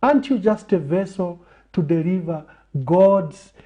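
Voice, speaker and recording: A man on a TV interview show who speaks in a measured way, building his points through repeated phrases. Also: sits high, warm tone, highs cut off. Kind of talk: reflective talk in a TV interview.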